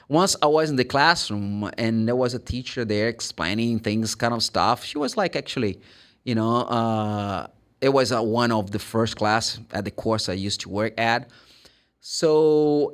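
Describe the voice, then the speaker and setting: Brazilian man teaching English, lively pitch. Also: measured pace. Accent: Brazilian Portuguese. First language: Brazilian Portuguese. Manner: animated, acts out little dialogues, spells words letter by letter. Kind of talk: casual teaching.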